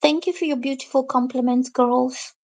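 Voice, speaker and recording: A woman's voice: high-pitched, normal speed. A woman reading tarot cards on a live stream. She chats with her viewers, reads their comments out, and explains each card. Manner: lively, acts out quoted reactions. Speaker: tarot reader.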